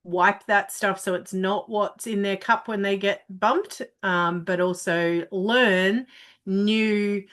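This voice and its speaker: A woman's voice: medium pitch, steady tone, takes it slowly, fairly bright tone. A woman therapist introducing herself on a video call, talking frankly with many fillers and casual swearing. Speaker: parenting therapist and ambassador.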